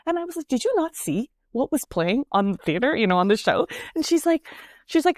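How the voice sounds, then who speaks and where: A woman guest, a spiritual coach, telling a personal story in a casual, earnest and expressive way. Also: sits high, fairly quick, no echo, studio quality. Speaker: spiritual coach and energy healer, podcast guest.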